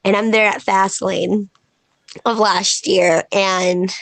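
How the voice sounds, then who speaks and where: A woman pro wrestler, a podcast guest, telling stories in a casual, animated way and acting out quoted dialogue. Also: mid-range voice, slow pace, no echo. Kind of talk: casual podcast interview storytelling.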